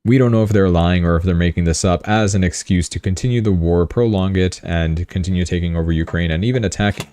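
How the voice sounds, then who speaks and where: A man with a low, mellow voice that is recorded dry and close. He comments on the news in a chatty, rambling way, breaking off into joking asides. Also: fast, few pauses, no room sound. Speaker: livestream host.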